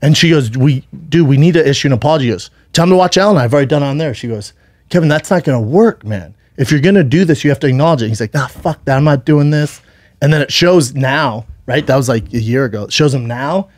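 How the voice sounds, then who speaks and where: A man's voice: mid-range voice, lively intonation, quick pace, darkish tone, no echo. A man co-hosting a podcast, telling a long story in casual chat, rambling and acting out what people said, swearing freely. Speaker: podcast co-host.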